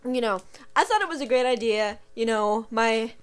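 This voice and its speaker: Animated young woman telling stories. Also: on the high side, normal speed, smooth. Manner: animated, laughing, acts out voices in stories. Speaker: podcast host. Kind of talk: casual storytelling chat.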